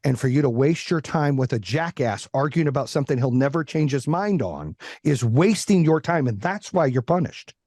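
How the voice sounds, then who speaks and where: A man voicing a wise male lion who hands down judgments in a measured, lecturing way. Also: medium pitch, animated, darkish tone, no room sound, studio quality. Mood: calm. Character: calm wise male lion, king of the jungle.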